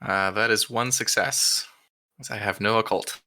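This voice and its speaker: A man's voice: fairly low pitch, steady tone, unhurried, bright, forceful tone, a little hiss or hum. A man playing in a tabletop game, joking and wry. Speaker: player. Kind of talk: tabletop role-play chat.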